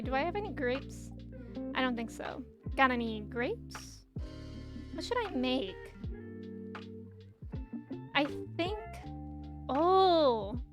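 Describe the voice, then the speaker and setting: A woman with a high, slightly nasal voice chats breezily with her viewers while she plays a game. She is bubbly, talkative and quick to laugh. Faint game music plays softly behind her. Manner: bubbly, chatty, laughs often. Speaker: streamer. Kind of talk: casual chat while gaming and reading chat.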